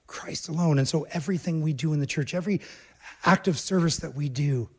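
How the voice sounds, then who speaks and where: Speaking a little fast in a husky voice, a male preacher addresses his congregation directly, his emphatic sermon dipping into hushed low tones before rising to raised, urgent passages.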